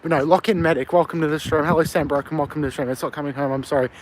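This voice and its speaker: Man, Australian accent, slightly high voice, casual live-stream chat, walking a windy street at night, phone mic, faint traffic behind. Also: fairly even intonation, racing. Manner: chatty, reads out and answers viewer comments. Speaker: livestreamer.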